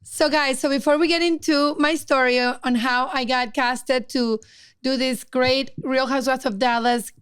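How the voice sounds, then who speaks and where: A woman's voice: high voice, steady tone, normal speed, fairly bright tone, smooth, dry recording. A woman from the United States co-hosting a podcast, reacting eagerly and chatting casually. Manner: enthusiastic, short eager reactions. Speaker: podcast co-host. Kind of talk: casual chat.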